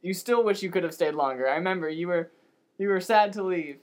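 A man interviewing a guest, speaking gently and reassuringly. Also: high voice, fairly quick. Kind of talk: casual interview.

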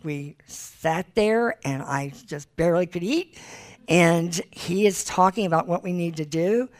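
A woman giving a personal testimony as part of a teaching, telling her story in an animated way and acting out what others said. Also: fairly low pitch, measured pace.

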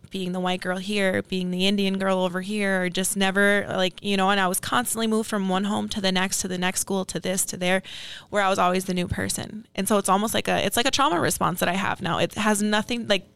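A young woman speaks as a podcast guest, reflective and earnest, often trailing into casual fillers as she tells her story. Her voice sits at an ordinary pitch and sounds smooth and clear. The recording is close and dry. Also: fairly bright tone, dry recording.

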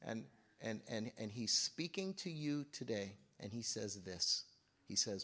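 A man preaching a live sermon to a congregation, moving from low asides to loud outbursts and often asking the audience questions. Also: expressive, measured pace. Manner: conversational, asks the audience questions. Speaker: pastor. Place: church service.

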